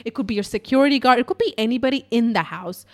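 A woman hosting a podcast, telling a story in a casual, profane, chatty way with lots of fillers, going from loud to hushed. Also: a little high, fast talker. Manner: animated, swinging between loud and hushed. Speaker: podcast host.

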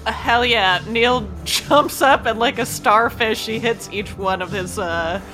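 A woman playing a tabletop game, describing her character's moves in a lively, giggly way. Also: fairly high pitch, measured pace, soft background music, low-quality recording. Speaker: player.

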